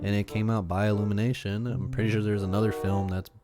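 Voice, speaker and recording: A man's voice: fairly low pitch, level tone, fast, over music. A man giving casual reaction commentary, sarcastically arguing back at critics and rambling with restarts. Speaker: YouTube movie commentator.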